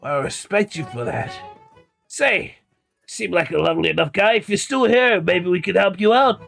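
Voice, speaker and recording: A man voicing a friendly, pushy male gang recruiter with a smooth, ingratiating manner. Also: sits high, animated, normal speed, fairly bright tone, soft background music, exaggerated voice.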